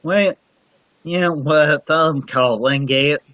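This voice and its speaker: A man joins a casual livestream chat as a guest from home, sounding easygoing and laid-back. His voice is fairly high, slow, and a bit bright, with no echo. It comes through a computer mic as dull, dry, lo-fi stream audio.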